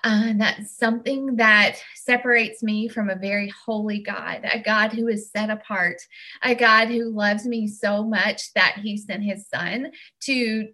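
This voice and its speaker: A woman's voice: medium pitch, sharp tone. A woman giving a personal faith testimony, earnest and heartfelt, sometimes restarting her words. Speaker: church member giving testimony.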